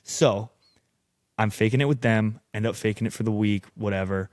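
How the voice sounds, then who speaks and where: A man's voice: on the low side, normal speed, dry recording. A young American man in his twenties, a podcast guest telling casual, profane stories in a studio. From United States. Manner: casual, profane, animated storyteller. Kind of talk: casual storytelling.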